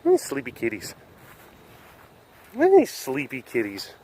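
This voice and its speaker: A man's voice: mid-range voice, huge pitch swings, measured pace, mellow, a little hiss or hum. A man hosting a casual webcast outdoors at an animal compound, rambling and joking with frequent laughs. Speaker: vlog host at a wild animal facility.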